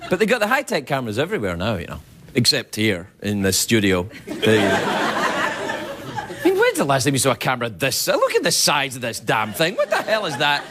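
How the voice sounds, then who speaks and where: A man's voice: mid-range voice, wildly swooping pitch, normal speed, background noise. A man hosting a late-night talk show, delivering a rambling, self-mocking comedy monologue in a television studio.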